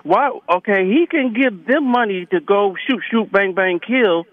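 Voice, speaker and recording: A male caller on a phone-in show, arguing his opinions in an animated way with many fillers. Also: sits high, measured pace, no echo. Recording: tinny phone line.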